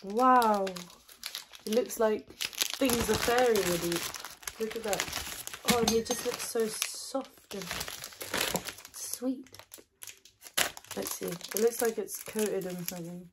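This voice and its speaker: A woman doing ASMR snack tasting, soft-spoken, giggly and gushing into a close microphone. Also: medium pitch, slow pace, pauses often, background noise. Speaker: ASMR creator.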